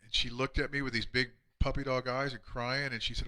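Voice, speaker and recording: A man, a chiropractor, telling emotional patient stories on a live stream, earnest and often dropping to a hushed voice. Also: medium pitch, little pitch movement, fairly quick, clean tone. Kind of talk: heartfelt storytelling on a live stream.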